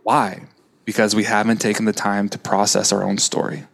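Podcast guest, male, low and flat-toned, impassioned and spiritual. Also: moderate pace, creaky. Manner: impassioned, spiritual, repetitive emphasis. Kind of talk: casual conversational interview.

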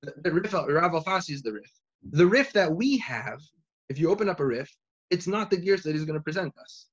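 A young man teaching a Talmud lesson in yeshiva style, animated and full of restarts. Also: a little high, brisk, lo-fi sound. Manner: animated, uses Hebrew and Yiddish learning terms, many restarts. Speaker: Torah teacher.

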